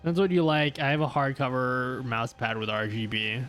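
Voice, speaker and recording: A man's voice: mid-range voice, moderate pace, fairly bright tone, faint music behind. A young man chatting casually on a gaming live stream, rambling with lots of "like" and "um" and laughing often.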